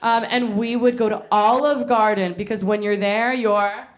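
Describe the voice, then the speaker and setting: A young woman tells a funny story from her teens to a live theater crowd. She is chatty and self-mocking, and her voice sits in an ordinary middle pitch. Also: steady tone, normal speed. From North Carolina. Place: small theater stage before a live audience.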